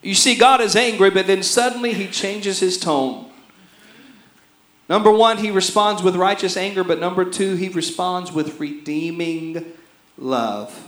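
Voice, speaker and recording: A man delivers a sermon in a high voice. He swings between shouting and hushed, quiet lines. The sound is roomy and echoey. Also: unhurried. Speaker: pastor.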